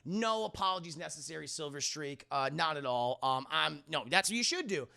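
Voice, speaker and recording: A man hosting a live stream, reviewing a film and greeting his chat in an animated, effusive way. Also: on the high side, brisk, vocal fry.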